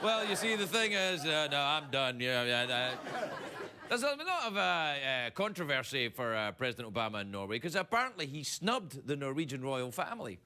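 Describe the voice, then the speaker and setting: Lively, high-voiced late-night comedy host. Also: male voice, moderate pace. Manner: playful, self-mocking, with sudden put-on voices. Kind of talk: comedy monologue. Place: TV studio with live audience. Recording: studio audience laughter and noise.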